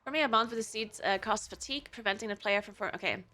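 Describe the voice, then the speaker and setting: A woman's voice: medium pitch, fast, bright, forceful tone. A woman streamer chatting casually and thinking aloud while setting up her game, laughing often. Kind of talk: casual live-stream chat while gaming.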